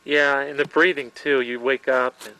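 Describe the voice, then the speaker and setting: This is casual, admiring narration from a man filming his hike, his medium-pitched voice fairly even and moderately paced even though he's winded. He's outdoors on a high mountain trail, and the built-in camcorder mic picks up heavy wind on the home tape.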